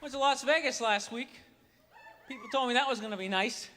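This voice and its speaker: A man doing a stand-up comedy set on stage, ranting loudly with asides to the crowd, through a handheld mic. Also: extremely high pitch, fairly quick, over music. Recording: live venue, crowd and reverb.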